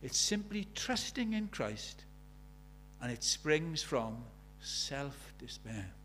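An older man preaching a sermon, earnest, swinging between quiet reflection and emphatic, pleading passages. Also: a little high, big pitch swings, slow, faint music behind. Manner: earnest, swinging between soft and emphatic, acts out quoted prayers.

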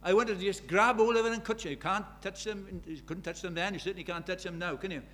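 A man's voice: high voice, fast, a bit bright. A British man preaching a sermon, telling stories with emphasis and repeating key phrases.

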